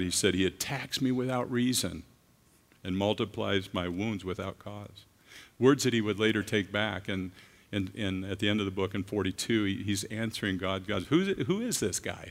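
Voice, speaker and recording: Gravelly-voiced male preacher in a hall. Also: low voice, a bit bright. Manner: earnest, halting with repeated restarts. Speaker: guest preacher. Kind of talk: sermon. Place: church. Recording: long reverb of a large hall.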